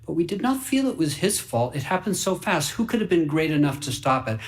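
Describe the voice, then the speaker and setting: A man's voice: a little high, fairly quick. Wide-eyed man reading a fable aloud. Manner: earnest, wide-eyed, shifting from hushed whispers to excited bursts. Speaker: story reader. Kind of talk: storytelling reading for radio.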